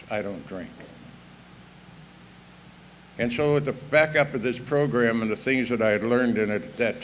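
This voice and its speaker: A man's voice: fairly low pitch, slight background noise, rough recording. An older man speaking at an evening recovery meeting, telling his own story in a folksy, earthy way. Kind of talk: personal recovery talk, storytelling. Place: evening recovery meeting hall, live audience.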